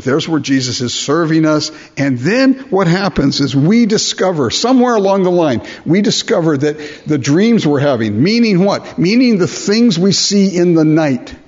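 A man's voice: fairly high pitch, darkish tone, breathy edge. A man preaching a sermon, reading scripture aloud and explaining it, often asking his listeners rhetorical questions. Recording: dull lo-fi sermon recording.

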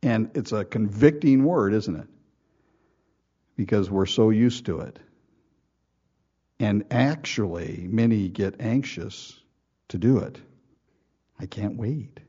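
Man preaching slowly, warm and mellow, with a folksy style and lo-fi sound. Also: fairly low pitch, husky. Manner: folksy preaching with rhetorical questions and mock quotes. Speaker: pastor. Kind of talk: sermon.

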